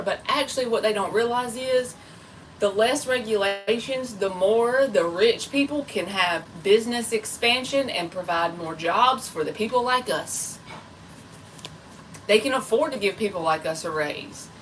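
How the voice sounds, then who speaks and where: A woman's voice: a little high, unhurried, fairly bright tone, far from the mic, slight background noise, low-quality recording. A woman tarot reader chatting casually and rambling on a live stream, talking straight to her viewers. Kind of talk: casual livestream chat.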